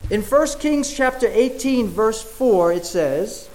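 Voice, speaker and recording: This preacher's sermon comes across as very animated and somewhat dark in tone, though still earnest and explanatory. He speaks fairly high for a man, with frequent pauses and fillers, and the audio quality is poor.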